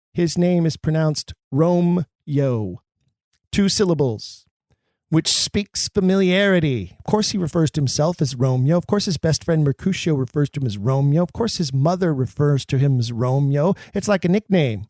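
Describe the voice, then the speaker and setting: A man's voice: fairly high pitch, lively intonation, normal speed, a little mellow, dry recording, clean studio sound. A man hosting a podcast, explaining verse to actors in an emphatic way with wry, self-mocking asides. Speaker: podcast host. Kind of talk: explanatory talk on Shakespeare for actors.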